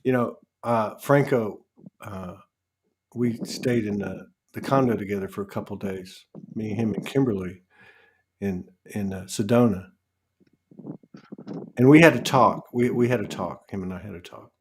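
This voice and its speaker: A man's voice: fairly low pitch, a little slow. Rambling man telling a story, faint hiss. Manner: rambling, restarts often, laughs while telling stories. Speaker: host. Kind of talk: casual spiritual chat.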